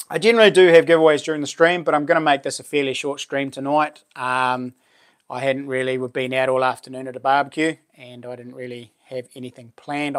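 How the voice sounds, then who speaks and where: A man with a New Zealand accent hosting a casual live stream, chatting loosely and thanking viewers for their support. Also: medium pitch. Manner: chatty, thanks viewers warmly, lots of fillers and laughs. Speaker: livestream host and knifemaker.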